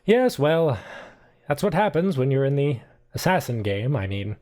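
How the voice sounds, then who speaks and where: A man voicing a composed, wealthy gentleman in a tabletop game, talking in a breezy, matter-of-fact way. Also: mid-range voice, very animated, moderate pace, voice pushed up, close to an everyday voice.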